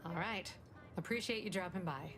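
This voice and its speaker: A woman's voice: on the low side, normal speed, background noise, close to an everyday voice. An actress playing an easygoing woman trader in a video game, talking in a laid-back, chatty way.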